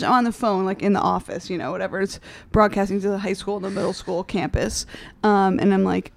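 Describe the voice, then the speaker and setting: A woman's voice: mid-range voice, expressive, normal speed, gravelly. A young adult woman co-hosting a casual podcast, telling a story in a rambling, self-deprecating way with frequent laughs. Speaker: podcast host.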